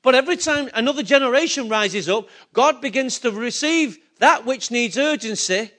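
A man's voice: very high voice, lively intonation, normal speed, bright, forceful tone. A man preaching a sermon as pastor, asking the congregation rhetorical questions and rising to emphatic points.

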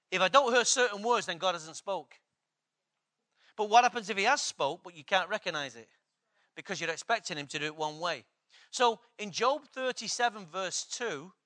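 A man's voice: high voice, sharp tone. A man preaching a sermon, emphatic, repeating key phrases and asking the congregation questions.

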